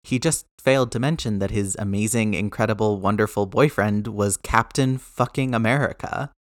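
Man voicing excitable young hero, gushing, breathless, storybook reading, lower pitched, dry sound. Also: moderate pace, no room sound, close to an everyday voice. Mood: incredulous. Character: eager, excitable young male superhero.

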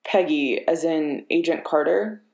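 A woman's voice: low voice, measured pace, vocal fry, a little mellow. A woman voicing Bucky, a guarded young man who speaks tersely and mumbles. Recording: echoey room.

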